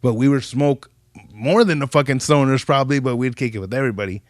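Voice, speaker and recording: Animated man telling stories. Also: quick pace, no room sound, studio quality. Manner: animated, profane street slang, jumps pitch when quoting people. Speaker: podcast guest. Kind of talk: casual storytelling chat.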